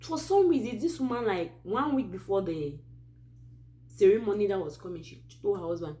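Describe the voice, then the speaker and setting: This Christian advice channel host from Cameroon narrates a true story at a moderate pace in a mid-range voice. Her Cameroonian English accent carries a casual, animated telling full of asides.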